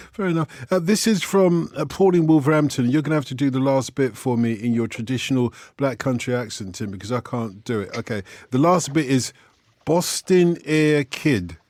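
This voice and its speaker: A man's voice: mid-range voice, expressive, brisk, a little mellow, dry recording. A man hosting a late-night radio phone-in, teasing his guests and reading out listener messages. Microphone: studio microphone.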